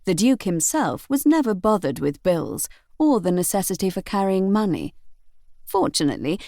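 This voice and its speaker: A woman narrating an audiobook novel in an expressive, measured storytelling manner. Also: fairly low pitch, dry recording, clean studio sound.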